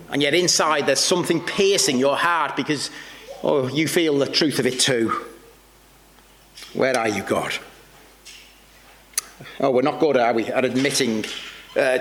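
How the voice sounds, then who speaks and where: A man's voice: mid-range voice, a bit bright. Earnest preacher man in a reverberant hall. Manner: earnest, searching delivery with many halting repeats. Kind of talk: sermon. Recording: long reverb with faint background noise.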